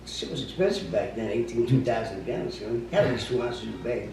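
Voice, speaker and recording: Gruff profane New storyteller man. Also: mid-range voice, animated, fast talker, darkish tone. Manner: gruff, profane, acts out quotes. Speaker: storyteller guest. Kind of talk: casual anecdote telling. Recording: echoey room, distant mic, faint noise.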